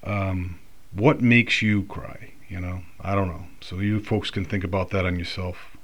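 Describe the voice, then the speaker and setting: A man speaks in an unhurried, low voice, working through his thoughts aloud. He rambles, doubles back and fills pauses, like a host talking straight to his listeners. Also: fairly even intonation. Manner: rambling, reflective, with many fillers and restarts. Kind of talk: casual monologue.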